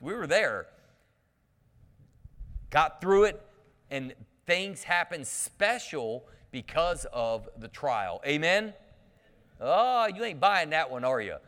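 A man's voice: on the high side, slow, long pauses. Male pastor preaching in an echoing church. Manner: lively storytelling with humor and call-outs to the congregation. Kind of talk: sermon. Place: church sanctuary. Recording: long reverb of a church hall.

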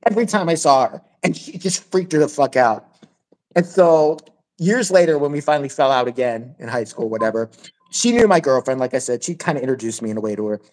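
A man's voice: medium pitch, a little fast, rough recording. A man hosting a podcast, telling a story in a loose, profane way and acting out the voices. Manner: profane, animated, acts out voices in stories. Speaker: podcast host. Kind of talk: casual storytelling chat.

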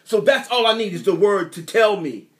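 A man's voice: sits high, moderate pace, a bit bright. A man preaching a sermon in an emphatic, repetitive style, asking the congregation rhetorical questions. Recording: echoey room.

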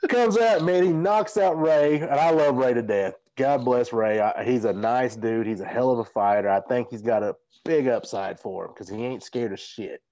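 A man's voice: medium pitch, normal speed, no echo, dull audio. A man, a podcast host and fighter, telling a rambling, profane story in a casual chat. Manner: animated, profane, rambling anecdotes.

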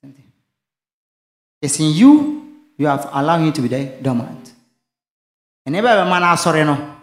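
A pastor with a slightly high, animated voice preaches at a moderate pace in a reverberant space. His call-and-response sermon poses questions for the congregation to finish and mixes in local phrases.

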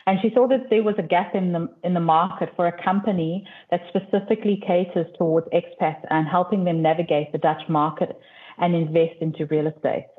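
Woman from South Africa, South African accent, guest, measured, lowish voice, tinny call line. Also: steady tone. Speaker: guest, property broker. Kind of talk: interview answers.

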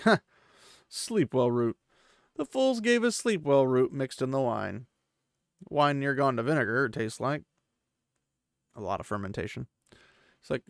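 A man's voice: mid-range voice, gravelly, dry recording, clean studio sound. A man hosting a podcast, recapping a novel chapter in loose, casual paraphrase with offhand asides.

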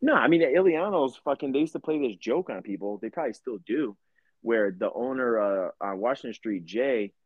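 A man's voice: mid-range voice, fairly quick, husky, no echo, phone-quality sound. Foul-mouthed young man telling stories. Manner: profane, rambling, animated storyteller. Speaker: podcast co-host. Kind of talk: casual storytelling chat.

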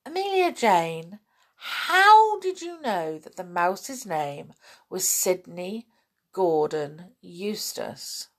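A woman voicing Tom, a bossy little boy toy in a storybook reading, brisk and commanding. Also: lowish voice, sing-song, heavily acted. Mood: puzzled.

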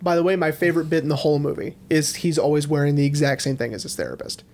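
A man's voice: on the high side, fast talker, a little mellow. A young man co-hosting a casual movie podcast, musing and hedging as he analyzes. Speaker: podcast co-host.

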